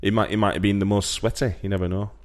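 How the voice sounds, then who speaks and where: A man's voice: on the low side, level tone, fast talker. A young man with a Sheffield accent co-hosting a casual podcast, chatty, laughing often and repeating himself. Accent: Sheffield English. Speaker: podcast co-host. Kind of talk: casual chat.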